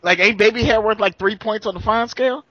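A man's voice: sits high, a little fast, sharp tone, dry recording, lo-fi sound. A man co-hosting a podcast, talking in a playful, teasing way and laughing often. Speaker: podcast co-host. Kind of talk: casual chat.

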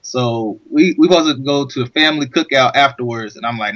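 A man rattles quickly through a childhood story on a podcast, his bright, forceful voice jumping into loud acted outbursts. The recording is a bit dull and lo-fi. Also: medium pitch, dry recording. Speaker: podcast co-host. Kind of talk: casual chat. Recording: dull lo-fi sound.

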